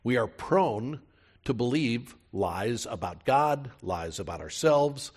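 A man's voice: medium pitch, lively intonation, slow pace, breathy edge. A man preaching a sermon as a pastor, speaking in a conversational way, addressing listeners directly with rhetorical questions.

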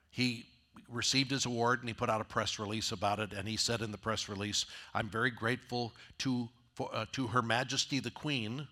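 A man's voice: on the low side, sharp tone. A man preaching a conversational sermon as a pastor, often asking his listeners rhetorical questions.

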